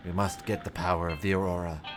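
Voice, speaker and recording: A man voicing a calm, commanding ancient spirit who speaks in a solemn, measured way. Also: deep voice, music in the background, lightly acted. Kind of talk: game character voicing.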